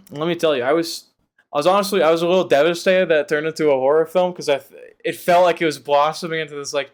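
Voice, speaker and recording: Man retelling a film, profane and rambling. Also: on the high side. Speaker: podcast cohost. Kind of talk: casual chat.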